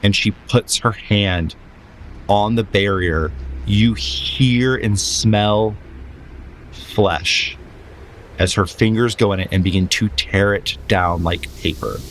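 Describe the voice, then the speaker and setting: A man narrating a tabletop game as game master, describing scenes slowly and dramatically with pauses, then explaining rules. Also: lowish voice, fairly bright tone, slight background noise.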